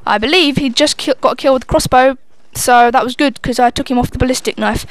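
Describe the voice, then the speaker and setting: Live gameplay commentary from a young woman whose voice sits high and moves fairly quickly, with no echo on the recording. She swears freely and mocks herself in running banter.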